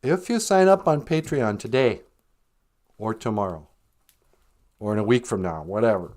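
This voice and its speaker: A man hosting a comedy podcast, delivering deadpan jokes and mock infomercial lines with bursts of laughter. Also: mid-range voice, moderate pace. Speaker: podcast host. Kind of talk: joking comedic monologue.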